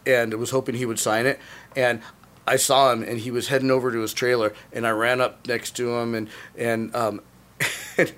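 An animated, laughing man telling stories. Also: medium pitch. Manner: animated storyteller, stumbles and repeats words, laughs often. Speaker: podcast co-host. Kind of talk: casual chat, storytelling.

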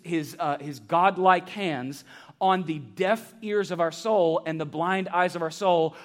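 A man preaching a sermon to a church congregation, animated and joking, asking the crowd rhetorical questions. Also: high-pitched, a little slow. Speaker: pastor. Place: church sanctuary.

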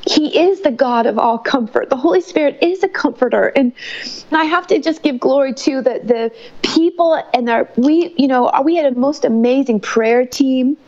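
A woman gives her testimony in a fervent, emotional way. Her voice sits fairly high. The recording sounds dull and muffled. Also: darkish tone. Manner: fervent and emotional, faith-filled. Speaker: mother telling her story. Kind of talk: testimony interview.

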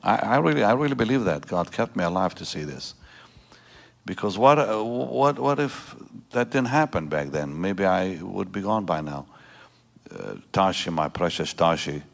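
Man in his 70s, pastor, very low voice, emotional testimony, halting restarts. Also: expressive, gravelly. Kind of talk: prayer and personal testimony sermon. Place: church service before a congregation.

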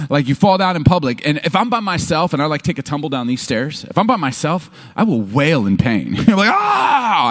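A man preaching from a stage, telling stories with humor and acting out what people say. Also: fairly high pitch. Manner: animated storytelling, acting out quotes. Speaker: pastor. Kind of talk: sermon. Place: stage before an audience.

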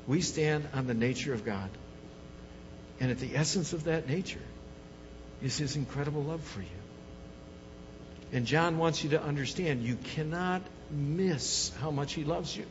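A man's voice: on the high side, noisy background. Emphatic male preacher in a reverberant hall. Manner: emphatic, repetitive preaching cadence. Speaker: pastor. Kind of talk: sermon. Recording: dull, long hall reverb.

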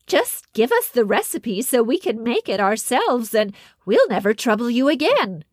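A woman voices a cheeky little troll in a storybook tale, pitching her voice a little high, above her own natural register. Very animated at a normal speed, the troll coaxes and bargains, captured in a clean studio with no room sound.

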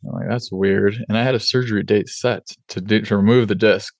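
Low gravelly-voiced man, casual. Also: steady tone, brisk, no room sound. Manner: candid, conversational, many fillers. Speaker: podcast host and oral surgeon. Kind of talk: casual podcast storytelling.

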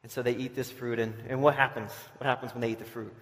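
A man's voice: medium pitch, steady tone, fast talker. A man giving a casual sermon to a camp audience, telling stories and restarting his sentences often. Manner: conversational, restarts often, acts out quoted voices. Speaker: camp speaker. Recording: long hall reverb.

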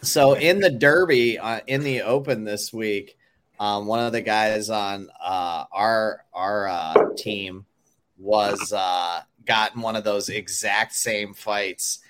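A man in casual chat, telling a story haltingly with many fillers. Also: on the low side, a bit bright.

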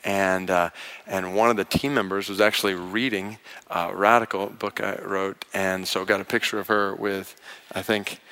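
A middle-aged man preaching a sermon, mixing scripture reading with a humorous personal story told in an animated way. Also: low-pitched, moderate pace. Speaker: pastor.

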